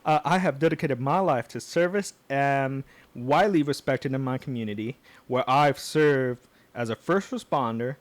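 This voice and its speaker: A man's voice: mid-range voice, normal speed, no room sound, lightly acted. A man voicing a pompous political candidate in a put-on Southern US accent, reading a statement aloud in a hammy way. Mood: mock-solemn.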